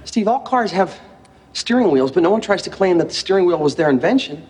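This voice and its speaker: A smug, taunting young software tycoon. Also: male voice, high voice, animated, a little fast, in a large hall. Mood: dismissive. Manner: mocking, gloating, shouts in taunts. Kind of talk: film drama.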